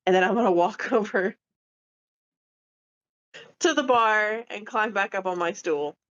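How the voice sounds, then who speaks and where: A woman's voice: mid-range voice, measured pace, a bit bright, dull audio. A woman playing a tabletop game, speaking hesitantly. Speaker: player. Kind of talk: casual tabletop play.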